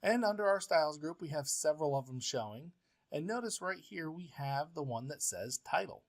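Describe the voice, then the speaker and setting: An expressive male professor with a higher voice takes learners through a word processor at a normal speed. He goes step by step, staying patient and plain, and often fills gaps with filler sounds.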